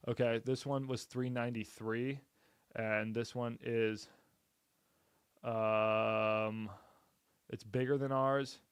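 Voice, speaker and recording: A man's voice: mid-range voice, little pitch movement, slow, pauses often, smooth, no echo. Blunt, upbeat man in a dry room. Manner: blunt, upbeat, salesy, swears casually. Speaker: real estate investor and streamer. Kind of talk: casual live-stream commentary while cold-calling.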